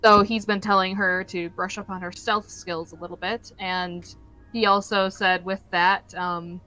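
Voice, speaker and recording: Woman player, slow, halting speech, bright voice, faint music behind. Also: mid-range voice, little pitch movement, rough recording. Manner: halting, laughs often. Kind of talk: tabletop game chat.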